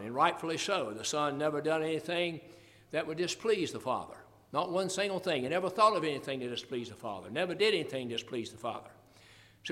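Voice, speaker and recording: A man's voice: fairly high pitch, a bit bright, in a large hall. An older man preaching a sermon, expounding scripture in an earnest, folksy way. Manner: earnest Bible exposition, folksy asides, quoting scripture.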